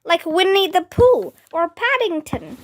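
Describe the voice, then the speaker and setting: Frightened storybook children, shrill and stammering, put on by a woman narrator. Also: big pitch swings, a little slow, exaggerated voice. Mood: excited. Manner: squealing, stammering, shouting. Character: excited, scared young schoolchildren.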